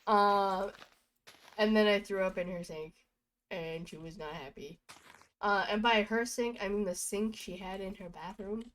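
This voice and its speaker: Streaming from home, a young woman tells goofy, rambling stories over her gaming, with chatty delivery and bursts of laughter. Her medium-pitched voice is fairly bright with fairly even intonation and a measured pace, captured on a low-quality recording.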